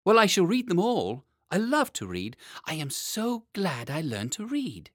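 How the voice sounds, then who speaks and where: A man doing an eager boy king, high and bright. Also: measured pace, no room sound, studio quality, full character voice. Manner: excited, chirpy.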